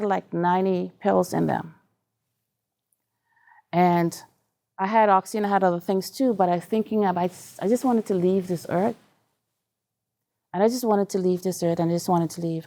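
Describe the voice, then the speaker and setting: Woman from Trinidad and Tobago, gravelly voice, earnest halting testimony, mid-pitched. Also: warm tone. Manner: earnest, emotional, halting storytelling. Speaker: speaker sharing her story. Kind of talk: personal testimony talk.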